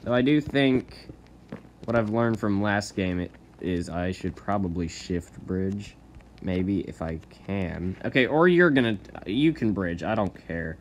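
A man giving casual, rambling commentary over his own gameplay, often laughing and jumping to high yelps. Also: measured pace, slight background noise. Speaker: gaming channel host.

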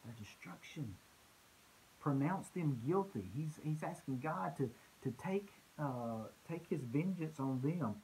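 A man's voice: fairly high pitch, expressive, measured pace, a little mellow, a little hiss or hum, rough recording. A man preaching a conversational sermon in church, earnest, often repeating words as he restarts a thought.

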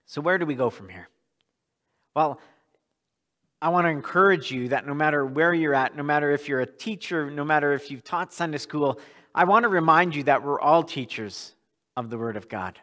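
A man's voice: a little high, moderate pace, sharp tone. A male pastor preaching a sermon in a church, earnest and often repeating words as he restarts a thought.

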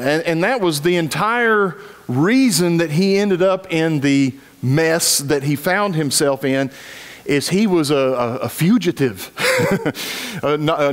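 Chuckling, folksy preacher man with a higher voice. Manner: folksy, chuckling asides to the congregation; stumbles and repeats words as he talks. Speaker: pastor. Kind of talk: sermon with scripture reading.

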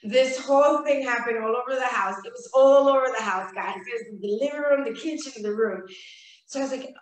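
A woman telling a lively personal story on a casual live stream, acting out her own lines with laughs. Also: fairly high pitch, fairly quick, roomy sound, slight background noise, rough recording.

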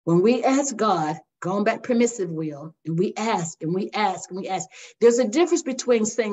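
An older woman minister sharing her testimony in a faith interview, telling it with lively storytelling and acting out the voices. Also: on the high side, moderate pace. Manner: animated storytelling, acts out voices, addresses listeners as y'all. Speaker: guest minister. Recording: dull lo-fi sound.

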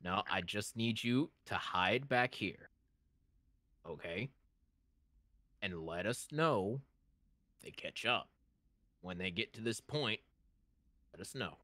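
A man's voice: on the low side, expressive, slow pace, pauses often, bright, forceful tone, dry recording, exaggerated voice. A man voicing his male adventurer character, coaxing someone into a deal with hesitant fillers.

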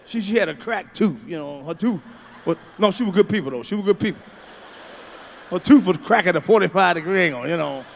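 A middle-aged male stand-up comedian doing a profane routine, swinging from low mutters to loud shouts. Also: vocal fry, a little hiss or hum.

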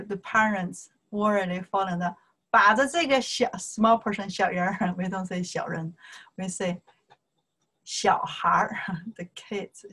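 A woman teaching Chinese in a slow lesson, drawing out syllables and checking in with "okay" all the time, in simple English as a native Chinese speaker. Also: medium pitch, fairly bright tone, low-quality recording. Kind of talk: slow whiteboard language lesson.

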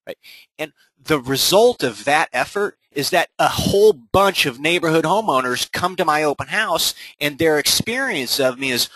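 A man leads a recorded sales-training webinar for fellow agents, his mid-pitched voice bright and forceful. He talks in short, punchy bursts and keeps asking "right?" to pull listeners along. The sound is close and dry, with almost no room around it. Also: breathy edge, dry recording, poor audio. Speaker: real estate agent coaching other agents.

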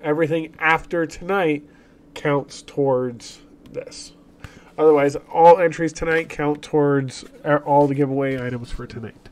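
A man's voice: a little high, fairly even intonation, unhurried. A man hosting his livestream while sick with a cough, chatting upbeat about giveaways. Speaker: streamer host. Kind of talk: casual livestream chat.

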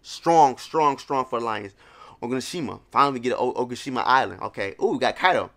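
A man hosting a live reaction video, casual and animated, reading panels aloud and exclaiming as he goes. His voice is bright and forward at a middle pitch. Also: fast. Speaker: manga reaction video host.

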